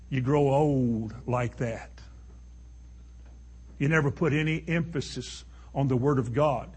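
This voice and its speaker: A man's voice: a little high, fairly bright tone, breathy edge. A man preaching a sermon to a congregation, emphatic and full of rhetorical questions.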